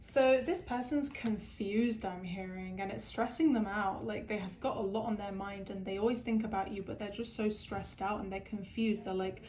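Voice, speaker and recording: An earnest woman talks through a tarot card reading to her viewers, her voice at a middling pitch. She rambles and circles back, filling gaps with "um" and "like". A faint hiss sits under her voice. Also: steady tone, normal speed, few pauses, a little mellow. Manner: rambling, full of "um" and "like"; earnest, emotional.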